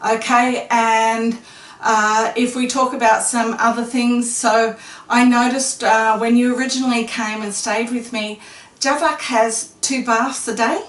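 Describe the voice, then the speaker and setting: A woman's voice: on the high side, steady tone, measured pace. A woman interviewer who asks leading questions and affirms each answer, recorded in a casual interview. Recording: echoey room, mic at a distance.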